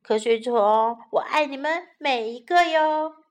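A woman voicing a patient, worn-out mother rabbit who speaks softly and gently. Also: high voice, unhurried. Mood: weary. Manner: soft, gentle and hushed.

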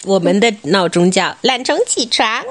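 A woman's voice: medium pitch, expressive, normal speed, a little hiss or hum. A young woman hosting a bilingual story lesson, explaining words, asking questions and laughing often as she chats. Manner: chatty, inquisitive, laughs often. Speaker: host and English teacher.

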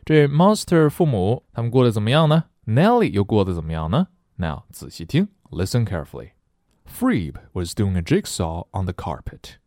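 A man's voice: on the low side, sing-song, moderate pace, darkish tone, no room sound, clean studio sound. A man teaching an English lesson in a playful, jokey way. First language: Chinese. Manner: playful, jokey, switches between languages. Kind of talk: lively English lesson with story reading.

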